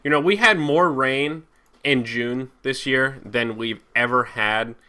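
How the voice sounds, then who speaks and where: A man's voice: medium pitch, slow pace, bright, forceful tone, smooth. A young man from New Jersey co-hosting a casual podcast, sarcastic and ranting, swearing often. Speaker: co-host.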